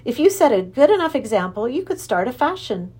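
A kindly old professor, firm and loving, urging the children on in slow, emphatic lines, as a woman reads him aloud. His voice rises and falls a lot as he coaxes them along. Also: fairly low pitch, animated, creaky, heavily acted. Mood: firm, affectionate.

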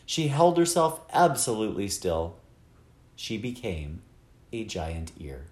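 Man, low voice, lively storybook narration, roomy echo. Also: slow. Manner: expressive, wide-ranging storytelling. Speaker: audiobook narrator. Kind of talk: scripted narration.

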